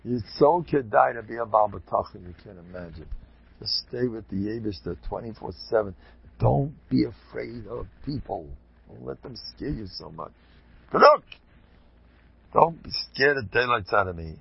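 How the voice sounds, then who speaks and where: A man giving an informal Torah talk, animated and digressive, with chuckling asides, on a dull lo-fi recording. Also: fairly low pitch, normal speed, gravelly, slightly rough. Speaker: religious lecturer.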